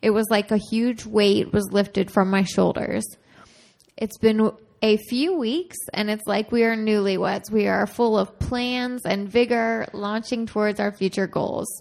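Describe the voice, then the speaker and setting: A woman's voice: medium pitch, fairly even intonation, measured pace, creaky, darkish tone. A woman co-hosting a podcast, reading a listener's letter aloud and teasing her co-host. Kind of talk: casual chat, reading a listener email aloud.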